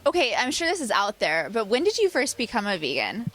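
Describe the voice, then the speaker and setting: A young woman interviewer with a fairly high voice asks her questions at a quick clip. She sounds upbeat and friendly throughout the chat. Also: huge pitch swings, fairly bright tone. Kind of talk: casual interview.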